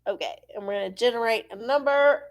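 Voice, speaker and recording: A woman's voice: fairly high pitch, quick pace. A middle-aged woman hosting a live-stream oracle show, chatting casually and profanely, rambling off on tangents while sneezy from allergies.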